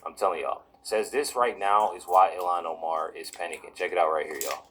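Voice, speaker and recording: Very deep-voiced man commenting casually. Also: steady tone, brisk, a bit bright, slight background noise, low-quality recording. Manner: repetitive, heavy use of "you know" and "y'all". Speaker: political commentary vlogger.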